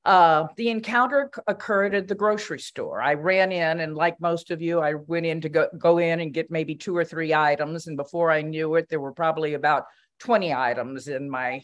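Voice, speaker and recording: An older woman with a somewhat low voice shares a reflection at a commission meeting. She tells it as a relaxed story, with fillers and small restarts along the way. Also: moderate pace, hardly any pauses. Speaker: commission member.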